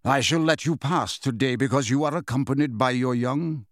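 A man voicing a calm, stern male centaur elder who speaks smoothly and in measured tones. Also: medium pitch, dry recording, clean studio sound, close to an everyday voice.

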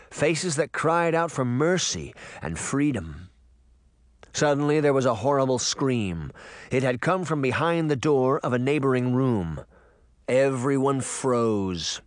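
Animated male storybook narrator. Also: medium pitch, dry recording, studio quality. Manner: expressive, dramatic reading.

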